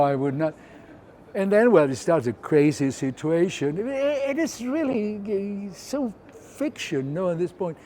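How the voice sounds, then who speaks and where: A man's voice: on the high side, slight background noise. Older Argentine man telling a story. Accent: Argentine Spanish. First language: Spanish. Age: 70s. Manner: animated, acts out scenes with sound effects and quoted voices. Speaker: photographer telling his story. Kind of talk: personal storytelling.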